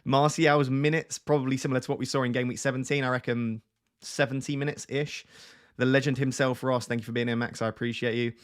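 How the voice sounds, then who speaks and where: A man's voice: medium pitch, little pitch movement, quick pace, clean tone. A man hosting a casual live stream, chatting and greeting his viewers by name from a small home room. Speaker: fantasy football streamer. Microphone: webcam close on face.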